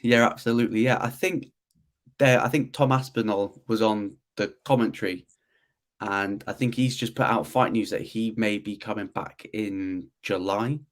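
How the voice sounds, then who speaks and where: A British man as a guest on a podcast, talking in a relaxed, conversational way. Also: lowish voice, moderate pace. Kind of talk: casual podcast chat.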